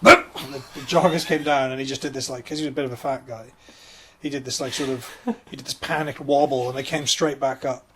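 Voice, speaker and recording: A man's voice: medium pitch, fairly even intonation, fast talker, slight background noise. A man co-hosting a comedy podcast, telling a rambling anecdote full of fillers in casual chat. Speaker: podcast co-host.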